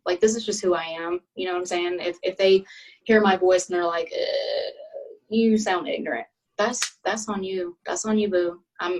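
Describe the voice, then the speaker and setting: A woman's voice: fairly low pitch, low-quality recording. A woman from Alabama with a Southern accent, a podcast guest talking candidly and thoughtfully in casual conversation. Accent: Southern American, Alabama. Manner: thoughtful, candid, laughs easily.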